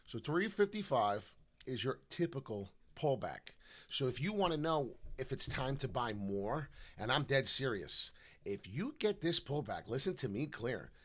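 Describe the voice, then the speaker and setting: A brash man with a New York accent, rambling excitedly on a live crypto chart stream, jumping between loud outbursts and low mutters. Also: unhurried. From New York / New Jersey. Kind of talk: casual live stream chat.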